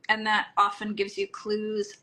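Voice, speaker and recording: A middle-aged woman, a healing practitioner, answering interview questions in a calm, explanatory way, often trailing off softly at phrase ends. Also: mid-range voice, unhurried, rough recording. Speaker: microdosing practitioner, guest.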